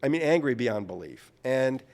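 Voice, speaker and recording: An author from New Orleans tells anecdotes as an interview guest, his mid-range voice at a moderate pace and sounding like it's in a big room. He's animated and keeps restarting and correcting himself mid-sentence as he tells his stories in conversation.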